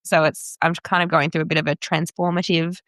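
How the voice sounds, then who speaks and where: A young Australian woman, a radio presenter, chatting candidly as a podcast guest with quick asides. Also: low-pitched, flat delivery, fairly bright tone, no echo. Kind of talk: casual interview chat.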